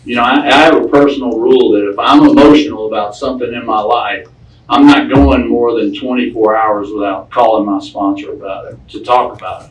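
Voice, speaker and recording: A man's voice: mid-range voice, steady tone, fairly quick. A man with a mid-range voice tells his recovery story to a group in a folksy, plain-spoken way, repeating phrases as he goes. He is heard from some distance in an echoey room. Faint background noise sits under his talk. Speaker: recovery speaker. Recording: echoey room, speaker off-mic.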